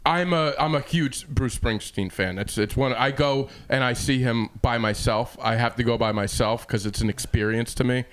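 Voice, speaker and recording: A man co-hosting a comedy podcast, telling a story in a halting, self-deprecating way. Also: medium pitch, fairly bright tone. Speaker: podcast co-host. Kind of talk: casual comedy podcast chat.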